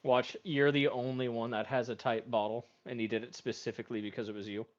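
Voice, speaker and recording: Calm man on a lo-fi voice call. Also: medium pitch, fairly quick. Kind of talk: casual chat.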